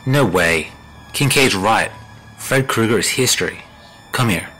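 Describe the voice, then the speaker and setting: A man's voice: mid-range voice, expressive, a little slow, slightly rough, soft background music, voice pushed down, poor audio. A man voicing an irritated teenage boy who talks in a curt, dismissive way.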